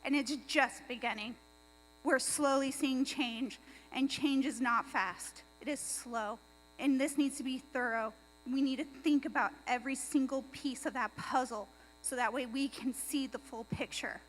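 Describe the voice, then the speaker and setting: A woman speaking against a motion at a public meeting, measured and firm, slowing to stress her points. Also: sits high, fairly even intonation, a little hiss or hum, poor audio. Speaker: tribal member speaking at a meeting.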